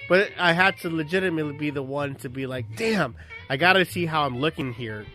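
A man chatting casually on a podcast about relationships, cursing freely and telling stories with sudden loud outbursts. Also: a little high, a little fast, faint music behind. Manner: profane, animated storytelling with sudden shouted outbursts.

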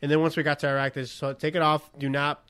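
A man's voice: on the high side, level tone, fast, sharp tone, clear, resonant tone. A man in his thirties telling a bar story in casual chat, acting out the quotes, laughing and swearing freely. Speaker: podcast co-host.

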